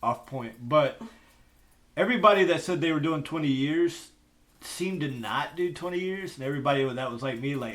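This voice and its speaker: A man veteran chatting on a podcast, earnest and a little halting. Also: medium pitch, fairly bright tone. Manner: earnest, halting, many "uh" and "I mean". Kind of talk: casual chat.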